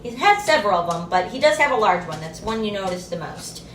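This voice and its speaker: A woman's voice: medium pitch, big pitch swings, fast, roomy sound, distant mic, music in the background, rough recording. A woman narrating as dungeon master, describing scenes and voicing the townsfolk. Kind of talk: narrating a tabletop game.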